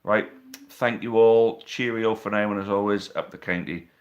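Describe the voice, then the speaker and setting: Male host, slightly low voice, casual banter with viewers, phone mic at home. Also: fairly even intonation, moderate pace, lo-fi sound. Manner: chatty, reads out viewer questions, teasing banter. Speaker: live stream host. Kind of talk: casual live stream chat. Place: living room at home. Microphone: phone on a tripod.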